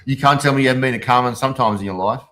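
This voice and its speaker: Australian male host, matey quick-fire interviewer, mid-pitched. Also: bright, forceful tone. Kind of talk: casual interview chat.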